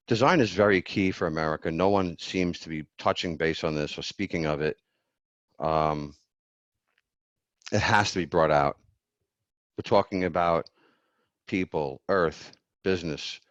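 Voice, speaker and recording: Man, very deep voice, halting formal campaign speech, lots of ums, dry dull lo-fi sound. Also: no echo. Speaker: self-declared presidential candidate.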